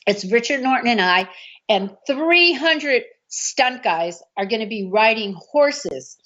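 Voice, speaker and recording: A woman's voice: fairly high pitch, lively intonation, slow pace, a bit bright. A woman telling an anecdote about a film shoot. She acts out what other people said. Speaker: martial arts film actress recounting a film shoot. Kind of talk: anecdotal storytelling. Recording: dull lo-fi recording.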